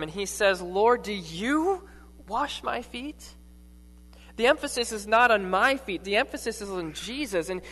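A preacher telling a scripture story in a sermon, with dramatic pauses and dropping to a hush for emphasis. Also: mid-range voice. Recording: echoey hall with mains hum.

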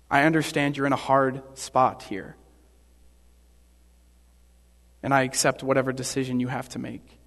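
Preacher doing a soft, reassuring man, gentle and quiet, in a reverberant hall. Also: on the high side, natural voice.

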